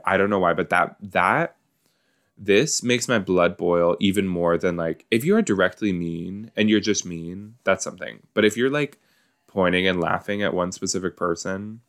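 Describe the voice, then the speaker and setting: Man, deep voice, slow pace, casual chatty reaction, podcast host. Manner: chatty, animated, many likes and you knows. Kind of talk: casual watch-along reaction.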